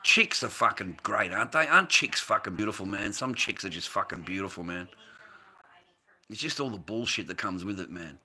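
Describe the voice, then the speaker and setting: A man's voice: lowish voice, animated, fairly quick, sharp tone, slightly rough. A man with an Australian accent who grew up in the United States, chatting on a livestream and answering viewers in a profane, combative way. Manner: profane, combative, swears constantly.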